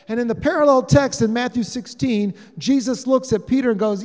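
A man with a fairly high voice preaches a sermon, telling the story with real animation and acting out each line of dialogue. His voice rings out in a hall with a long reverb tail. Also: fairly quick, warm tone. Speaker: pastor.

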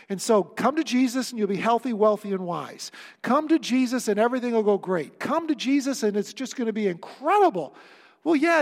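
A man preaching a sermon as pastor, building to impassioned near-shouting and then dropping to a quiet, conversational tone. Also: sits high, long reverb tail.

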